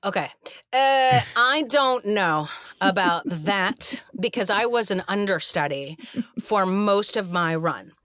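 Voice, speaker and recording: A woman actress as a guest in an interview, telling backstage stories in a lively way and acting out what people said. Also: mid-range voice, slow pace, no room sound. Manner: animated storyteller, acts out quotes with laughs. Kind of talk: interview storytelling.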